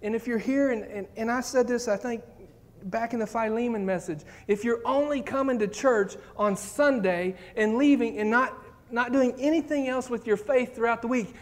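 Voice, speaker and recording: A man's voice: very high-pitched, normal speed. A male pastor giving a sermon. He reads scripture and acts out pleas, then builds to fervent emphasis.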